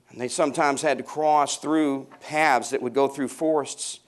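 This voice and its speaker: A male pastor preaching from the pulpit in a mid-range voice. He drops to hushed, slow phrases and then climbs into loud, ringing emphasis. He calls out to the congregation to answer him. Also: mid-range voice, fairly even intonation. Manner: swings from hushed to loud, rising emphatic passages. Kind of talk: sermon.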